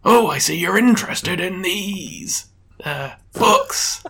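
A lonely, frail old judge speaks up in a thin, raised, quavering voice, as a man puts him on. He drags his words out slowly and shakily. It is a tabletop game role. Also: high voice, lively intonation, creaky, sharp tone, breathy edge, voice pushed up, heavily acted. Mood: doddering.

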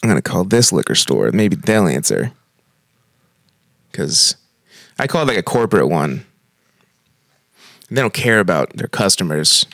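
A man's voice: sits low, big pitch swings, a little slow, vocal fry, long pauses, a bit bright, dry recording. A man hosting casual chat between prank phone calls, joking and laughing often. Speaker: prank call podcast host.

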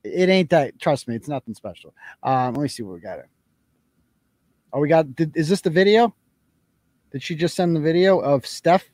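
A man's voice: fairly high pitch, expressive, moderate pace, pauses often, a little mellow, no echo. Blunt, sarcastic man hosting a live show. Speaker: host. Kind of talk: livestream commentary.

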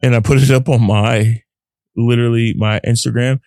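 A man's voice: medium pitch, fairly even intonation, moderate pace, dark tone, no echo, studio quality. A young man hosting a casual solo podcast, talking in an earnest, rambling way. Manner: rambling, earnest, often acts out his own inner voice. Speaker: podcast host.

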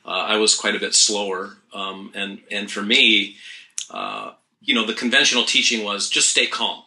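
Bright-voiced reflective middle-aged man. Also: lowish voice, lively intonation, normal speed, creaky. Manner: thoughtful, with frequent restarts. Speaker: parenting mentor guest. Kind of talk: reflective interview talk.

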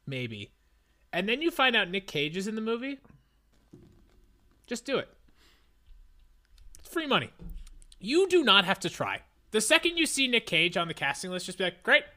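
A man in his twenties co-hosting a casual podcast, loud and excitable, ranting and joking at himself. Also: high voice, normal speed, pauses often. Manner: loud, excitable, self-mocking rants. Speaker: podcast co-host.

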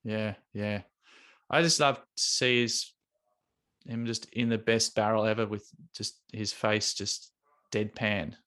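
A man's voice: fairly low pitch, steady tone, slow, bright, forceful tone. A man co-hosting a podcast, joking and rambling through stories in casual chat. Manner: jokey, rambling storyteller. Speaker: podcast co-host.

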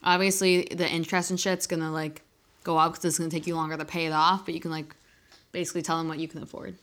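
A young woman co-hosting a podcast, chatting casually with loose, profane, animated storytelling. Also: deep voice, fast. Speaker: podcast co-host. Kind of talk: casual chat.

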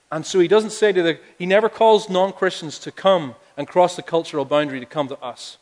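Male preacher, chatty but rising to forceful emphasis, raised pitch, echoing sanctuary. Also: brisk, hardly any pauses. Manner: conversational, building to emphatic appeals. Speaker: pastor. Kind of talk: sermon. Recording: long hall reverb.

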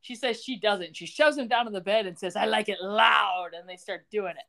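A young woman chats her way through a TV episode recap on a podcast. She is jokey and animated, slipping into the characters' lines as she tells the story, and her pitch rises and falls a great deal. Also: fairly quick. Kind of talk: casual recap chat.

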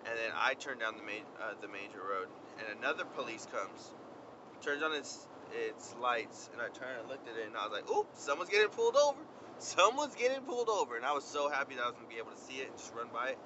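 A young man chatting casually as he tells a story outdoors on a windy day, animated and slangy. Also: medium pitch, fast talker. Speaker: vlogger. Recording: lo-fi outdoor recording with traffic noise. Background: wind and passing traffic.

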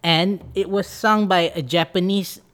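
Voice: mid-range voice, measured pace. Laughing Malaysian speaker, mid voice. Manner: animated, laughs often, exclaims in mock outrage. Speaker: podcast co-host. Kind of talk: casual podcast chat, mostly English with Malay.

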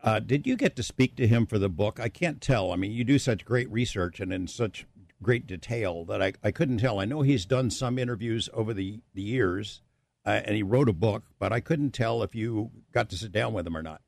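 A man's voice: fairly low pitch, normal speed, vocal fry, darkish tone, no echo. A man hosting a radio interview, asking long, winding questions with fillers. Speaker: radio show host.

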